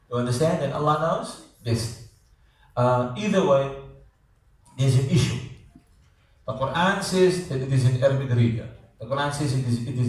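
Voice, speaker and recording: A man's voice: medium pitch, darkish tone. A man teaching a class in a conversational way, repeating words and checking that students follow. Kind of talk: classroom lecture. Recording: echoey classroom, voice from far off.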